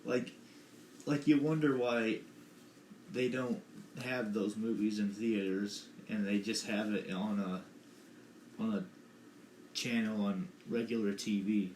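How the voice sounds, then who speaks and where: A young podcast co-host rambles and hedges through casual chat, recorded in an echoey room with faint noise. His lowish, slightly mellow voice is fairly even in intonation, slow, and marked by long pauses.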